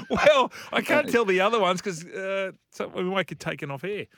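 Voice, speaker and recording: A man co-hosting a radio show, telling stories with animated energy and frequent laughter. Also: high-pitched, normal speed. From Australia. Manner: animated storyteller, laughs often. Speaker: radio co-host, former player. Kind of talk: casual radio banter, storytelling.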